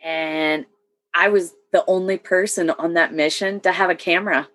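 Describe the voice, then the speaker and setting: Woman veteran, low voice, matter-of-fact storytelling, casual chat. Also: steady tone, moderate pace, fairly bright tone. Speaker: military veteran. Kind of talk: casual conversation.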